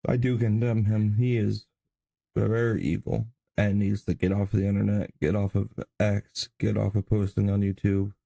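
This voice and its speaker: A man hosting a stream, giving calm, disapproving reaction commentary. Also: lowish voice, moderate pace, vocal fry, no echo. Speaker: streamer host.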